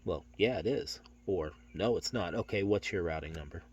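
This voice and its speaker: A middle-aged man training insurance telesales agents, talking through a phone script in a steady, matter-of-fact way and acting out the salesman's lines. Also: deep voice, moderate pace, a little hiss or hum.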